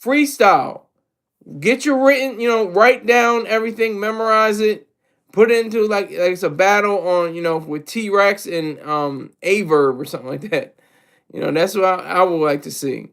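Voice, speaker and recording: A man's voice: high-pitched, moderate pace, a bit bright. A man giving casual, rambling solo commentary on hip hop, self-deprecating and full of restarts.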